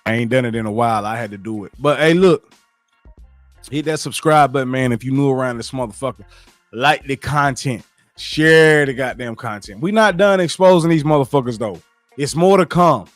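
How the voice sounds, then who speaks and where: A man hosting a livestream, ranting about football to his chat in a profane, animated, repetitive way. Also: mid-range voice, normal speed, no room sound. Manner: profane, animated, repeats himself. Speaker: sports commentary streamer. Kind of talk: casual sports rant to live chat. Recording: dry close mic with faint music.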